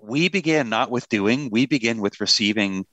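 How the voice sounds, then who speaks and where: A man's voice: mid-range voice, expressive, normal speed, a bit bright, no echo. A middle-aged man, a pastor and author, talking earnestly in a conversational interview with a touch of self-deprecating humor.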